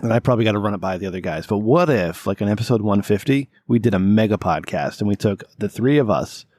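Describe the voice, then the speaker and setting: A man's voice: fairly low pitch, expressive, fast talker, a little mellow, no room sound, clean studio sound. A man hosting a casual comedic podcast who jokes and laughs often. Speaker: podcast host.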